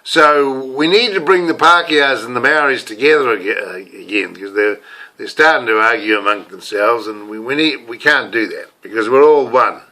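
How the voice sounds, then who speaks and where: A man's voice: medium pitch, normal speed, bright, forceful tone. An older man with a New Zealand accent, talking to camera in a rambling, casual monologue full of restarts. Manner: rambling, many restarts and fillers. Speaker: self-styled preacher and video blogger.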